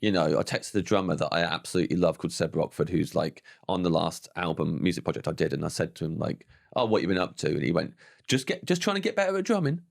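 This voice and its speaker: A man's voice: low-pitched, fast talker, vocal fry, hardly any pauses. A man in his forties, a comedian chatting casually as a guest, acting out quotes with frequent laughs. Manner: animated, acts out quoted voices, frequent "like" and laughter. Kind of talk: casual chat.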